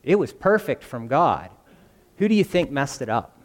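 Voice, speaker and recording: A man's voice: mid-range voice, sing-song, moderate pace, in a large hall. A man preaching a conversational sermon, often asking the congregation questions. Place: church.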